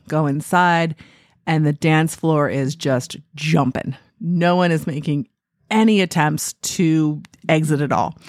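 A woman who hosts a podcast as a wedding photographer, telling a story in a chatty, animated way full of fillers. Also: low-pitched, no echo, clean studio sound.

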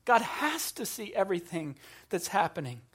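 A man preaching a sermon with humorous asides, swinging between hushed, quiet passages and loud, emphatic ones. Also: fairly high pitch, normal speed. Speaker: pastor.

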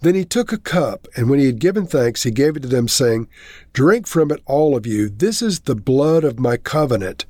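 A man's voice: mid-range voice, lively intonation, normal speed, warm tone, dry recording. A man reading a Bible chapter aloud and then explaining it in a plain teaching manner.

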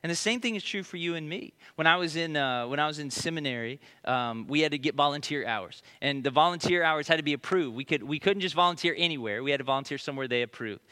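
Male pastor, 30s, bright and slightly high-pitched, casual storytelling sermon that turns emphatic or hushed. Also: quick pace, few pauses, clean tone. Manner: conversational storytelling, rising to emphatic questions then dropping to hushed prayer.

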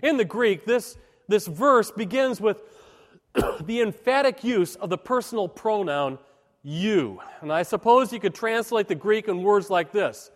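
A man preaching a sermon as a pastor, speaking in an emphatic, measured way with dramatic pauses. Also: high-pitched, lively intonation, in a large hall.

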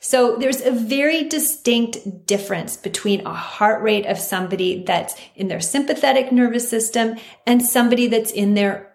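A woman naturopathic doctor hosting a health podcast, talking earnestly and emphatically and repeating her key points. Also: medium pitch. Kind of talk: scripted health talk. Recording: roomy echo.

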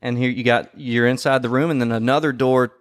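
A man telling a story in casual podcast chat, swearing often and acting out quoted lines loudly. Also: mid-range voice, brisk, dry recording, clean studio sound. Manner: profane, animated, acts out quotes loudly. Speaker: podcast co-host.

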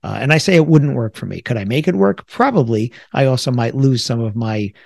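A man's voice: medium pitch, animated, brisk, gravelly, a little mellow, no room sound, studio quality. A middle-aged man from the New York area hosting a solo podcast, talking things through in a reflective, conversational way with self-deprecating asides. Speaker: podcast host.

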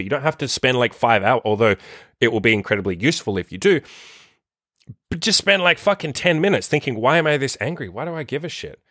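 A man's voice: lowish voice, a bit bright, dry recording, clean studio sound. A young man, a self-improvement coach, giving a blunt, profane motivational talk full of rhetorical questions.

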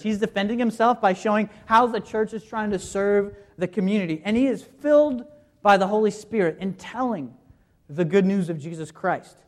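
A preacher in the middle of a sermon, guiding the congregation through scripture verse by verse. The voice sits at an ordinary middle pitch and explains carefully, often stopping to ask rhetorical questions before answering them. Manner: guides listeners through scripture references.

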